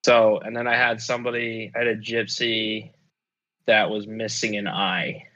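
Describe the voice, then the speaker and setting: A man's voice: lowish voice, little pitch movement, moderate pace, fairly bright tone, highs cut off. A man telling a rambling, profane story in casual chat, full of fillers and restarts. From United States.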